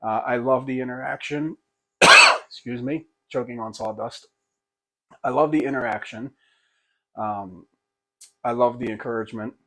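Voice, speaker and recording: A man's voice: mid-range voice, steady tone, moderate pace, pauses often. Folksy older man rambling casually. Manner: rambling, folksy, self-deprecating with many restarts. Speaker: pastor and hobby woodworker. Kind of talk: casual talk to camera.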